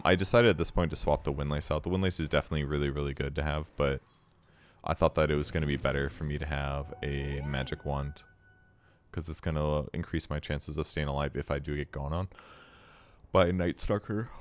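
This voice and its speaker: A man giving casual replay commentary on his own game, relaxed and self-critical as he explains his choices. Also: very deep voice, brisk, a little hiss or hum.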